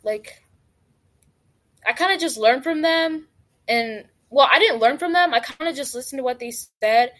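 A teenage girl from Uganda answers questions in a casual interview. Her voice sits a little high. She talks hesitantly and fills her sentences with filler words. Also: moderate pace, fairly bright tone. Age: teens.

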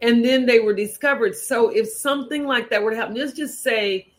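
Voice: medium pitch, fairly quick. An interviewer asking long, rambling questions in a conversation.

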